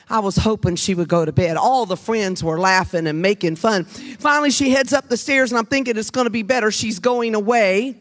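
A pastor's wife preaches a humorous storytelling sermon to a live congregation in a church sanctuary, her voice medium-pitched and a bit quick. She's animated, chatty, and folksy, peppering the room with questions.

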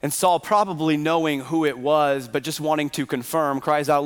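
Male pastor, earnest sermon delivery full of questions to the pews, voice a touch high, long hall reverb. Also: moderate pace, smooth. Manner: earnest, poses rhetorical questions to the congregation. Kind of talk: Sunday sermon. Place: church sanctuary.

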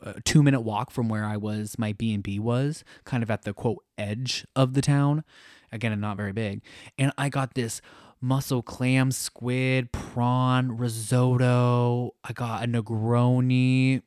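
A man's voice: medium pitch, steady tone, measured pace, darkish tone, no echo, clean studio sound. Gushing man telling a travel story. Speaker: podcast co-host. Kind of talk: casual travel chat.

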